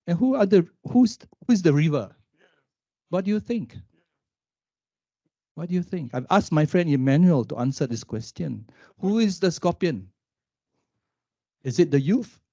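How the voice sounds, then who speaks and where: A man and youth worker on a conference panel, telling a story with lively questions to the audience. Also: a little high, dry recording, dull audio.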